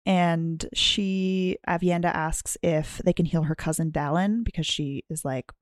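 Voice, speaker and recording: A woman's voice: on the low side, fairly even intonation, measured pace, dry recording, studio quality. A woman co-hosting a casual book-club podcast, rambling and often correcting herself. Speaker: podcast co-host.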